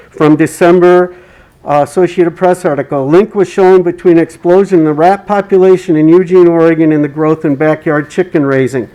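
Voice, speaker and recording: Guy at a city meeting reading off quotes, mellow voice, kinda high. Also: poor audio. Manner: reads prepared quotes in a measured, formal way. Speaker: resident speaking at public comment. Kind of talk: public comment reading quotations.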